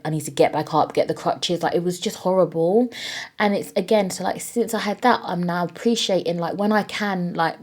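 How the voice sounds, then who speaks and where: A woman hosting her own podcast, talking in a candid, casual way with plenty of swearing and fillers. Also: lowish voice. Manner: candid, chatty, swears freely, many fillers. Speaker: podcast host. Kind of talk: casual solo podcast chat. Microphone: own podcast microphone.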